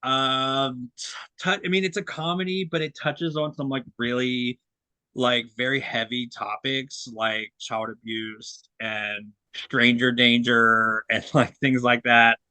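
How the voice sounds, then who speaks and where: A man's voice: medium pitch, fairly even intonation, slow, pushed and bright, clear, resonant tone, dry recording. A young adult man co-hosting a film review podcast, talking casually and rambling with lots of fillers and restarts. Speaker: co-host reviewing film releases.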